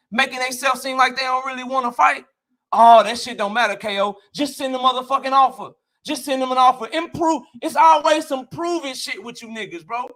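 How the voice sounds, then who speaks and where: A man's voice: very high-pitched, a bit bright. A man in a boxing debate on a live stream, ranting heatedly and with a lot of profanity.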